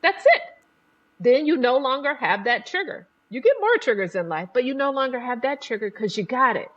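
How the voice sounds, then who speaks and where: A woman psychotherapist hosting a podcast, explaining trauma in an animated way and briefly acting out the people in her examples. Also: sits high, fairly quick, muffled recording. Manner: animated, acts out voices in examples. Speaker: psychotherapist host.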